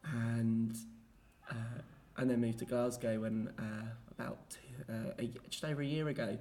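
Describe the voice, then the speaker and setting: A man's voice: mid-range voice, measured pace. A young man with an Essex accent, talking casually and rambling about where he grew up, with plenty of fillers. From Essex, England. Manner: relaxed and rambling, with many fillers.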